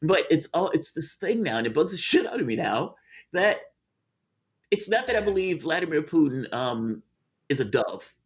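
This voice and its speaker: A man's voice: on the high side, big pitch swings, moderate pace, highs cut off. A man as guest in a casual political chat over a video call, emphatic and profane.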